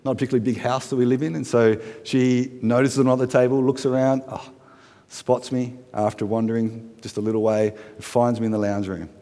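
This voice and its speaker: Man in his thirties, casual preacher who questions his congregation and jokes gently; mid-range voice, recorded with a long hall reverb. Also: mid-range voice, flat delivery, fairly quick. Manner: conversational, asks the congregation questions, light humorous asides. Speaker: pastor. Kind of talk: sermon.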